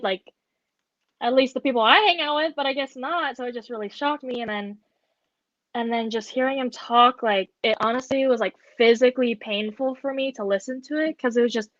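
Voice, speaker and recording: A woman's voice: a little high, fairly bright tone, dry recording. A young woman co-hosting a podcast, telling a story in casual chat with lots of filler words. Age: young adult. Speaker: podcast co-host. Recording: dull lo-fi dry sound.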